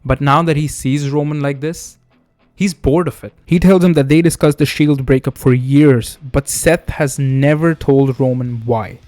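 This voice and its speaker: A man hosting a wrestling video, narrating a made-up storyline in a steady storytelling way. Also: medium pitch, a little slow, dry recording, soft background music. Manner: steady storytelling, reads quotes in his own voice. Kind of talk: fantasy booking narration.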